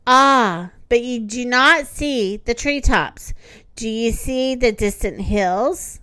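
Storybook figure: a woman voicing a blunt giraffe, slow and certain. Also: on the high side, pushed and bright, smooth, dry recording. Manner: blunt, matter-of-fact. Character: blunt, lofty female giraffe. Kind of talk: storybook read-aloud.

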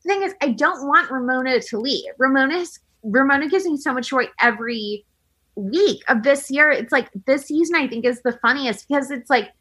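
A woman's voice: high voice, normal speed, a bit bright, husky. A woman in her thirties hosting a podcast, telling a story in casual chat with lots of "like" and acted-out quotes. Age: 30s. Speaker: podcast host.

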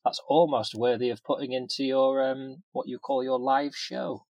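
A man's voice: mid-range voice, flat delivery, moderate pace, darkish tone, dry recording. Dry teasing male podcast host. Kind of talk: casual podcast chat.

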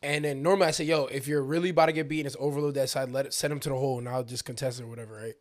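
A young man, a basketball player, telling a story in casual chat, animated and slangy, acting out the people in it. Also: mid-range voice, rapid-fire. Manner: animated, acts out voices in his stories, slangy.

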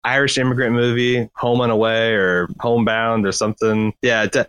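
A man's voice: mid-range voice, moderate pace, smooth, no room sound, lo-fi sound. A man in casual podcast chat about a movie, rambling and correcting himself as he talks. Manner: rambling, self-correcting, animated. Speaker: podcast co-host. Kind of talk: casual film discussion.

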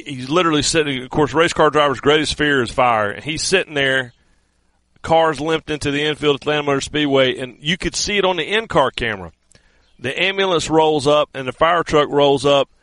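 A man's voice: a little high, a bit bright, dry recording. Middle-aged male guest, joking self-deprecating banter, dry studio sound. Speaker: podcast guest. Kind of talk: casual chat.

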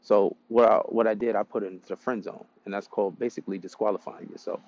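A man's voice: on the low side, steady tone, fast talker, a little mellow, muffled recording. A man giving dating advice in a casual, rambling monologue, blunt and profane as he tells stories.

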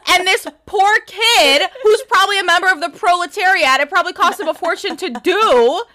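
Woman, podcast co-host, high pitch, bright tone, profane, excitable. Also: brisk. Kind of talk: casual chat.

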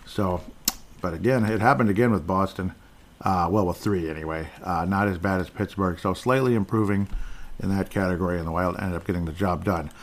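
A man's voice: deep voice, a little fast, a little hiss or hum. A man hosting a solo sports podcast, rambling and correcting himself with frequent chuckles. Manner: rambling, self-interrupting, chuckles often. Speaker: podcast host.

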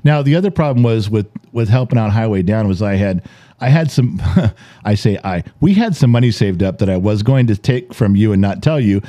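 A man in his forties, co-hosting a podcast and telling animated stories in casual chat, acting out the dialogue and swearing freely. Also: on the low side, a little fast, no echo. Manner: animated storyteller, acts out quoted dialogue, swears. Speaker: podcast co-host.

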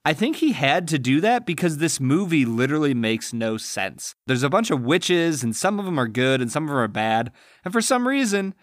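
A man co-hosting a film podcast, talking in an animated, exasperated and playful way. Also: fairly high pitch, no room sound, clean studio sound. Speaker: podcast co-host. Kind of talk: casual comedic film review chat.

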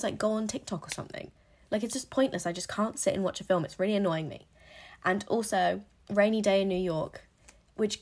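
A woman's voice: mid-range voice, darkish tone. A young woman, chatting casually to camera in a rambling, self-deprecating way, often dropping into whispered asides. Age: young adult. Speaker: vlogger.

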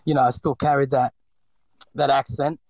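A man's voice: mid-range voice, level tone, normal speed, gravelly, a little mellow, no echo, rough recording. Man, forties, slight Filipino accent, hesitant, fillers and restarts, personal interview, dry close sound. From Philippines. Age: 40s.

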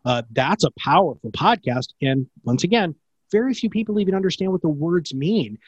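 Upbeat male guest pitching his podcast business, slightly high voice, dry mic. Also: animated, husky, no room sound, muffled recording. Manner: fast, enthusiastic, salesy. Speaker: podcast production company owner. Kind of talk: energetic interview answers.

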